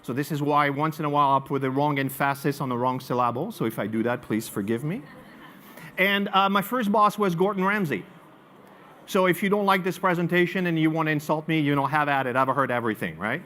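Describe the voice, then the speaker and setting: A man with a French accent presents to a live audience. His voice sits a little on the high side, and he tells stories with animated swings between punchy emphasis and hushed asides. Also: brisk, slight background noise. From France. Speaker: marketing speaker.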